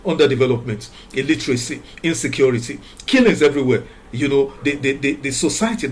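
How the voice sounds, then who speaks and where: A man from Nigeria speaks in an emphatic, preaching way, hammering the same words again and again. His pitch sits in an ordinary middle range. He reads scripture evenly and then poses pointed rhetorical questions. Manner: reads scripture aloud in a measured way. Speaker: commentator. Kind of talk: preachy moral commentary monologue.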